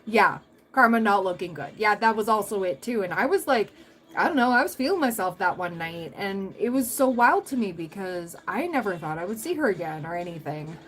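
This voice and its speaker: A woman's voice: mid-range voice, expressive, a little fast, low-quality recording. A young adult woman hosting a tarot livestream, chatting casually with viewers, rambling through stories and laughing often.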